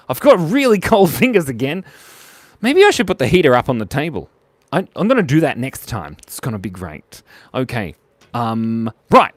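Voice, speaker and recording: Mid-range and free of room sound, a man's voice narrates a live drawing stream for kids. His commentary is casual, playful, silly and chatty, punctuated by giggles and little voices as he draws.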